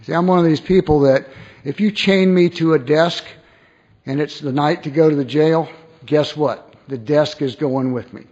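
A man's voice: fairly high pitch, normal speed. A man tells his recovery story, acting out quoted voices, with many restarts. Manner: animated, acts out quoted voices, frequent restarts. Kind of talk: personal storytelling talk. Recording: dull lo-fi recording.

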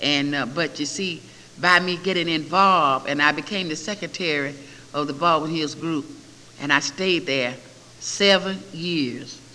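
A bright, sharp-toned older woman gives a personal testimony as a recovery meeting speaker. She tells her story vividly and slips into lively voices for the people in it. Her voice rings through an echoey hall over a faint hiss. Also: low-pitched, measured pace.

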